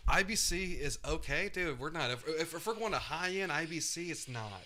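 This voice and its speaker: A man co-hosting a fight watch stream, chatting loudly and swearing with a friend. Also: fairly high pitch, moderate pace. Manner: loud, animated, swearing, jumps topics. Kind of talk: casual banter between friends.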